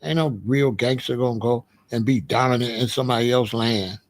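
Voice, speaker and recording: A man's voice: mid-range voice, brisk. A man giving a blunt, streetwise commentary monologue, repeating his points. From Chicago. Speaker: commentary host.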